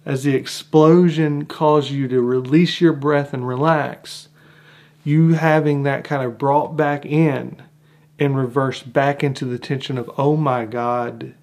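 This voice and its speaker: A man's voice: medium pitch, vocal fry. A man giving an enthusiastic monologue breaking down a film, stretching out words for emphasis and acting out reactions. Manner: animated, drawn-out emphatic phrasing with acted-out reactions. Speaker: film analyst.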